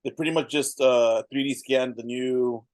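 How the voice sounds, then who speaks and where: A man's voice: mid-range voice, fairly even intonation, moderate pace, a little mellow, no echo. Guy in his 30s rambling thru a review chat, lots of ums, dry close sound. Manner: rambling, frequent fillers and restarts. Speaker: podcast co-host.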